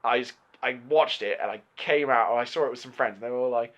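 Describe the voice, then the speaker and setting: A man's voice: mid-range voice, fast, a bit bright. A man in his twenties co-hosting a movie podcast in casual chat, ranting animatedly and swearing often. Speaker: podcast co-host. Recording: lo-fi podcast recording.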